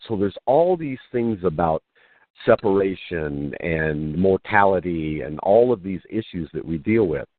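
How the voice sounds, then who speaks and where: Deep-voiced and slow, a man who teaches spirituality tells stories as a guest on a call-in radio program, acting out the dialogue with animation. The phone line sounds dry, without echo.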